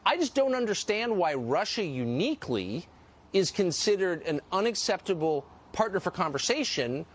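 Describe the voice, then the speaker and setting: A man hosting a news interview, probing his guest with pointed questions. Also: high voice. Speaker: news show host.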